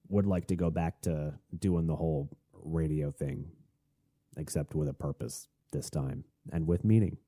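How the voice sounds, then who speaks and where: A man hosting a solo podcast, talking in a rambling, chatty and excitable way. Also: deep voice, no room sound, studio quality. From Tennessee. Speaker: podcast host.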